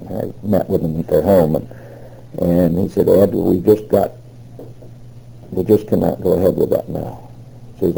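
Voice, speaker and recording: A man's voice: sits low, gravelly, warm tone, slightly rough, low-quality recording. An older man telling his memories in an oral history interview, rambling and retelling old conversations with many fillers. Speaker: interviewee recalling past work.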